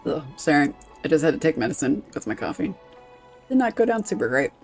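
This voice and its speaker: A woman's voice: low voice, big pitch swings, brisk, faint music behind. A woman streaming a game, chatting casually, rambling with lots of fillers and swearing freely.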